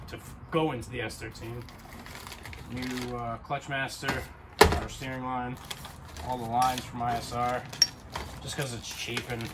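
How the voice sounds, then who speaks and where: Against a noisy background, a man with a medium-pitched voice gives a rambling, casual tour of his car inside a small home garage. The garage vlogger swears freely as he talks through the walkaround.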